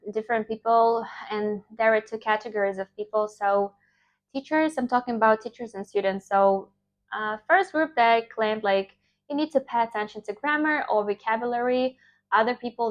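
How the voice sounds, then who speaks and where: Young woman, native Russian speaker, English teacher; informal, emphatic lecture; voice sits a bit high. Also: normal speed, muffled recording. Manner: emphatic, animated, with filler words and restarts.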